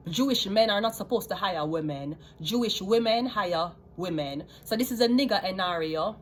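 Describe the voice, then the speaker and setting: A woman's voice: mid-range voice, lively intonation, normal speed, a little hiss or hum. A woman with a Jamaican accent ranting heatedly to her viewers, profane and switching between patois and standard English. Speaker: vlogger. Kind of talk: unscripted rant to viewers.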